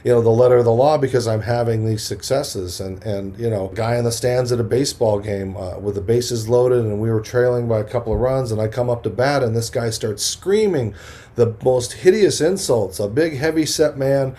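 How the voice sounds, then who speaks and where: A middle-aged man, a motivational speaker, telling lively stories from his life in an interview, acting out the voices of the people he quotes and often restarting sentences. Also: medium pitch, moderate pace. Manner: energetic storyteller who acts out quoted voices, restarts often. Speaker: podcast guest, motivational speaker. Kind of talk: animated storytelling interview.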